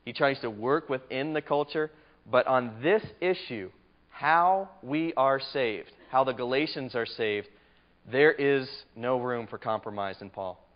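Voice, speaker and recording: A man's voice: medium pitch, unhurried. A man teaching a Bible study lecture in a conversational, emphatic way, asking his class questions, on a muffled lo-fi recording.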